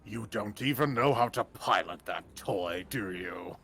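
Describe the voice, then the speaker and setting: A man voicing a menacing male villain, a floating projected face, who speaks slowly and low with a sneer, in a tabletop game. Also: expressive, a bit bright, slightly rough, exaggerated voice. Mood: taunting.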